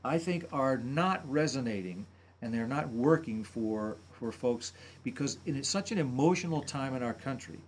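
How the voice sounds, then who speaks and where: A man's voice: medium pitch, expressive, normal speed, slightly rough. A man commenting on a radio talk show, analyzing politicians' speaking styles in detail. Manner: analytical, imitates speech patterns. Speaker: voice and speech commentator.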